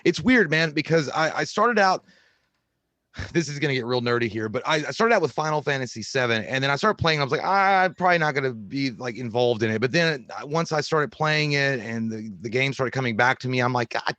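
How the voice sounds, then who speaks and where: A man's voice: mid-range voice, a bit bright, no echo. A man co-hosting a casual movie-news podcast, talking in a laid-back, rambling way and swearing freely. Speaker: podcast co-host.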